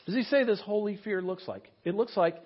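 A man preaching a sermon to his church, animated, with jokey asides and acted-out quotes. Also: high-pitched, brisk, muffled recording. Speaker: pastor.

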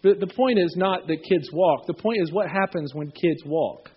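A man preaching a sermon, reading scripture and telling stories with lively acted-out voices. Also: sits high, moderate pace, a little hiss or hum. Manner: animated storytelling, acting out voices. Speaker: pastor. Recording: dull, lo-fi sound.

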